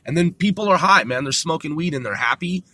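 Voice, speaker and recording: Loose-talking man, bright tense voice. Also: fairly high pitch, animated, quick pace, dry recording. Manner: loose, profane, laughs at himself. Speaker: podcast host. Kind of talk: rambling solo talk. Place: in a car.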